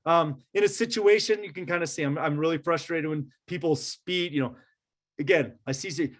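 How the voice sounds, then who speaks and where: A man's voice: fairly high pitch, normal speed. A man leading a workshop for teachers, talking casually and checking in often with "right?". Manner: conversational, many fillers and "right?" check-ins. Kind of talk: casual presentation to educators.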